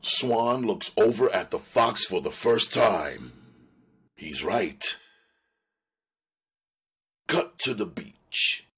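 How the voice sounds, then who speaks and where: A man reading a screenplay aloud in a measured, descriptive way. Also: lowish voice, big pitch swings, creaky, fairly bright tone, breathy edge. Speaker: reader.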